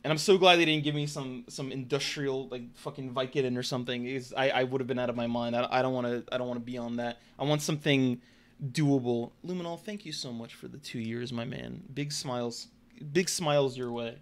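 A man streaming and telling a story to his chat in a casual, animated and profane way. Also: mid-range voice, a little fast. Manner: animated, profane, emphatic retelling.

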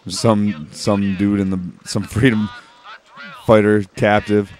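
A man's voice: lowish voice, flat delivery, slow pace, darkish tone. A man giving casual, offhand let's-play commentary over a walkthrough, swearing freely and dropping wry jokes. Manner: jokey, wry asides. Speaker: gameplay commentator.

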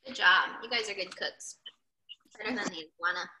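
A woman's voice: medium pitch, normal speed, background noise. A woman teaching a children's cooking class on a video call, reading a storybook aloud and asking the kids questions. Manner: animated, asks kids questions.

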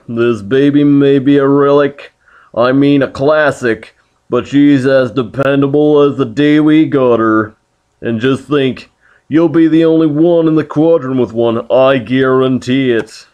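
A man's voice: medium pitch, measured pace, darkish tone, clear, resonant tone, dull audio, lightly acted. A man voicing a brash male used-spaceship salesman in a folksy cowboy drawl for a video game playthrough. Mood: salesy.

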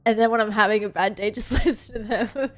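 A woman's voice: mid-range voice, quick pace. A woman streaming a game who is crying and laughing, gushing and breathless with emotion. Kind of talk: livestream commentary.

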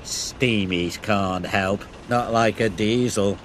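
A man's voice: medium pitch, takes it slowly, slight background noise, close to an everyday voice. A man voicing a rude, boastful male diesel engine in a storybook reading, with background music. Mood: sneering. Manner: sneering, boastful.

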